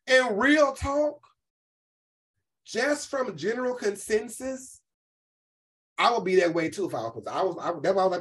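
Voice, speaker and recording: A woman hosting a casual commentary chat, talking in an animated, profane way and putting on other people's voices when she quotes them. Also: fairly high pitch, a little slow, long pauses, poor audio. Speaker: host.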